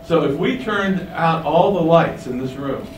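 A man's voice: fairly high pitch, measured pace. A man preaching a sermon, emphatic, with many rhetorical questions, in a windowless room. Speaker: pastor. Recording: roomy, distant mic, faint hum.

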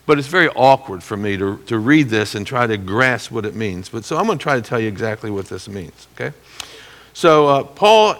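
A middle-aged man teaching from the Bible as a pastor, animated, acting out quotes and clearing his throat now and then. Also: mid-range voice, in a large hall.

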